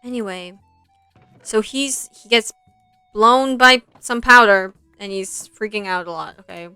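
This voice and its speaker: Young woman streamer, rambling storyteller, crisp dry close sound, faint music behind. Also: medium pitch, measured pace, dry recording. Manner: rambling, easily sidetracked, animated retelling. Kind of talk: casual storytelling while streaming.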